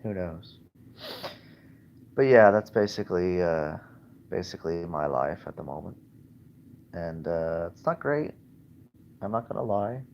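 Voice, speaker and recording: A man with a very low voice rambles from his bed in a casual livestream, halting, restarting and self-deprecating. The recording is dull and lo-fi, with a faint hiss beneath it. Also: lively intonation, creaky. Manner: hesitant, halting, lots of fillers and restarts. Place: in bed at home.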